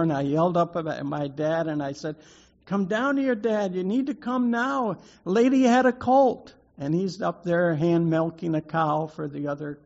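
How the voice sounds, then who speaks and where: Halting man telling a story, lo-fi. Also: mid-range voice, darkish tone. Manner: halting, with frequent repeated words and restarts. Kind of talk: personal storytelling with a lesson. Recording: dull lo-fi recording.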